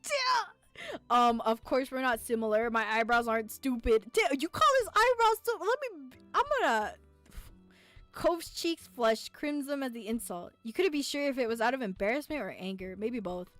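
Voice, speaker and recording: A woman streamer with a slightly high, lively voice plays through a visual novel, reading it aloud at normal speed in a playful, giggly way and often stopping to tease and talk back to the characters. Soft game music plays faintly behind her, with no room sound.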